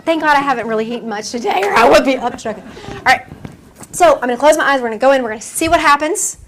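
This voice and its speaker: Fast-talking with a high voice, a female medium gives a casual lecture to a small audience in a room, chatting away, performing the voices from her stories, and laughing frequently. There's a little background noise.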